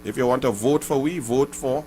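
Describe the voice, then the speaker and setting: A man's voice: medium pitch, moderate pace, a little mellow, a little hiss or hum. A man with a Trinidadian accent hosting a political call-in radio show, combative and emphatic, hammering points with repeated phrases.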